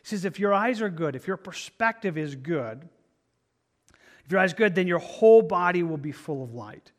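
Higher-pitched guy preaching casually, earnest, keeps restarting words. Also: expressive, normal speed. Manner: earnest, conversational, frequent restarts. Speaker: pastor. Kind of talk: expository Bible teaching.

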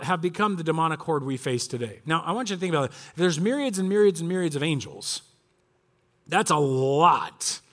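Man, forties, pastor, high voice, sermon, animated storytelling, acts out voices. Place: church.

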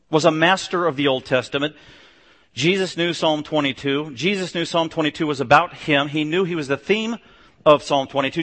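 Male pastor, higher-pitched, emphatic sermon delivery with hushed drops; long hall echo. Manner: emphatic, swings between loud declarations and low hushed stretches.

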